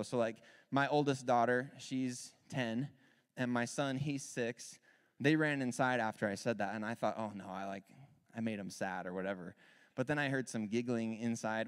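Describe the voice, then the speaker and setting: A man's voice: medium pitch, smooth. Candid male preacher in a reverberant hall. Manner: candid, animated storytelling with bursts of loud emphasis. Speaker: worship leader preaching. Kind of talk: sermon with personal story. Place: church sanctuary.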